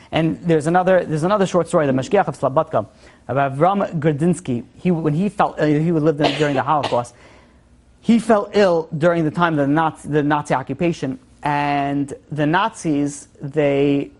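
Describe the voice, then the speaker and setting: A man's voice: a little high, a little mellow. A man teaches an informal Torah lesson in a storytelling way. He talks with animation and often stops and restarts his sentences as he works through the point.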